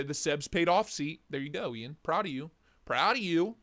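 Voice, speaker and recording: A man's voice: on the high side, lively intonation, normal speed, fairly bright tone. A man hosting a casual morning livestream. He greets viewers by name, jokes and rambles. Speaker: livestream host.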